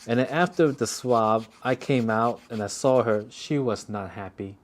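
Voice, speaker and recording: A man's voice: lowish voice, unhurried. Man muttering over a workbench job. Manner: rambling, joking storyteller who mutters while working. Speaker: watch hobbyist. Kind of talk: casual work commentary. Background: faint sanding and rubbing.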